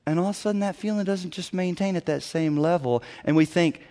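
Brief: middle-aged man, pastor mid-sermon, voice a touch high, lively and dramatic, acts out quotes with loud outbursts. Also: fast talker, hardly any pauses. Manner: animated preaching, acting out people's voices with sudden loud bursts.

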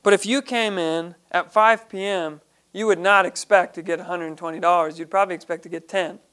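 A man's voice: high-pitched, steady tone, a little fast, fairly bright tone, smooth. A man leading a Bible study, reading each verse aloud and then explaining it in plain, earnest terms.

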